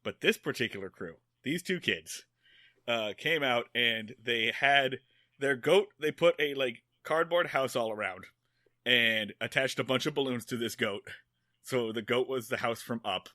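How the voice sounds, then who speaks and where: Podcast co-host: bright, slightly high male voice, rambling, animated, profane storyteller, dry close mic. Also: a little slow, dry recording. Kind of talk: casual chat.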